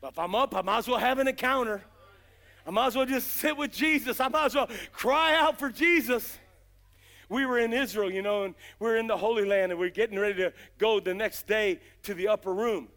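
A middle-aged man preaching a fiery revival sermon, impassioned with shouted bursts and drawn-out emphasis, folksy in his speech. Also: high-pitched. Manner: folksy, uses "gotta" and "ain't".

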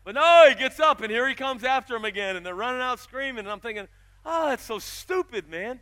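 A man preaching a sermon, telling stories and rising to loud, emphatic passages. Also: very high voice, animated, fairly quick. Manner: storytelling, swells loud and emphatic. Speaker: pastor.

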